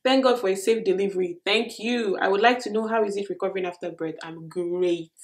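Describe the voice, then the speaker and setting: A woman's voice: mid-range voice, brisk. A young Nigerian woman with a Nigerian accent, chatting expressively and laughing often as she answers viewer questions in a casual vlog.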